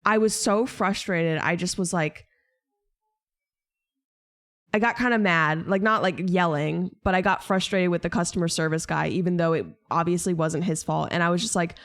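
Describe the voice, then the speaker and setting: A woman's voice: lowish voice, moderate pace, a bit bright. Exasperated young woman venting on stream. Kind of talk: casual chat to stream viewers.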